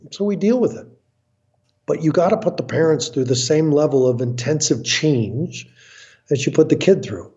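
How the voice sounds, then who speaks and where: Man, blunt and emphatic, mellow voice, muffled lo-fi sound, interview guest. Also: on the high side, animated, moderate pace. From United States. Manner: emphatic, blunt, acts out quotes. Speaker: guest, family counselor. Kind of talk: animated storytelling interview.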